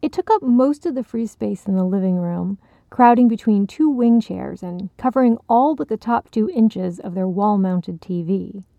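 A woman narrating a short story in a measured, even way. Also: medium pitch, vocal fry, no echo, highs cut off. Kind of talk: audiobook narration.

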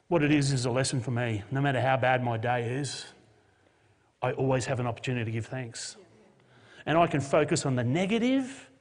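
A man, a pastor preaching a sermon and telling a Bible story with jokey modern asides. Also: mid-range voice. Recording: long hall reverb.

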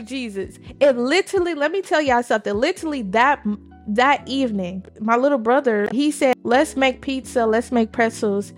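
Woman podcast co-host, slightly high voice, emphatic storyteller, soft music under her. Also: lively intonation, moderate pace. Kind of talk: faith testimony, casual.

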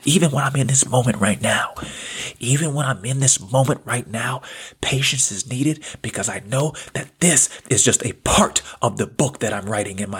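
Husky man giving an earnest spiritual talk. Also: on the low side, a bit bright. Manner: earnest, repetitive, casual slang. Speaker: podcast host. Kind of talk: spiritual self-help talk.

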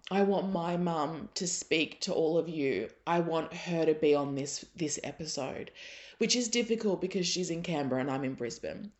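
A low-pitched woman in her thirties hosts her own podcast and talks straight to her listeners, earnest and openly emotional. She slips between laughter and tears as she speaks. The sound is a little dull and lo-fi. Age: 30s. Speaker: podcast host. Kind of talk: emotional solo podcast monologue.

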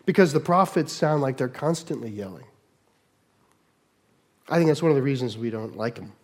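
A middle-aged man preaching a sermon, moving between loud mock shouts and quiet asides. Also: mid-range voice, lively intonation, moderate pace. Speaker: pastor.

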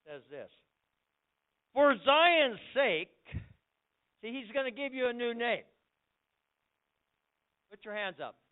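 An older man preaching as a pastor in a church, excitable, with loud bursts and repeated words. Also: extremely high pitch, moderate pace, pauses often, clean tone. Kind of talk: lively church sermon. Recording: phone-like lo-fi recording.

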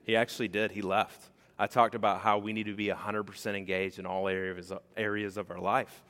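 A man preaching a sermon to his church, animated and conversational, acting out the voices he quotes. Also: lowish voice, a little fast, big-room sound. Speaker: pastor. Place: church sanctuary.

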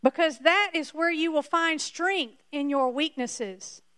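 A woman voicing God as a firm, patient male deity who scolds gently. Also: high-pitched, takes it slowly, no room sound, clean studio sound.

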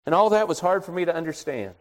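Storytelling preacher man, slightly high voice. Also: lively intonation, fast. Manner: conversational, folksy anecdotes. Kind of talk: storytelling sermon.

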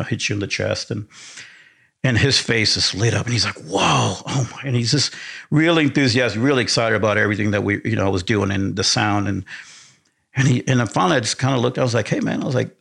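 A man from Argentina, a sound engineer appearing as a podcast guest, tells a story casually. His voice is on the low side, creaky and a bit bright, and he rambles enthusiastically with many restarts.

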